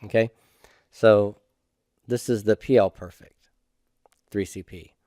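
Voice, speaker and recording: Slow, methodical male Hebrew teacher. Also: on the low side, steady tone, mellow, no room sound, clean studio sound. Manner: slow, methodical, checks in with "okay?". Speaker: Hebrew instructor. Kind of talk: classroom grammar lecture.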